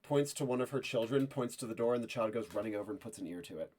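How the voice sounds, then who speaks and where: A man's voice: mid-range voice, very fast, darkish tone. A man runs a tabletop role-play as game master, in a mid-range voice. His narration is loose and casual, dotted with fillers.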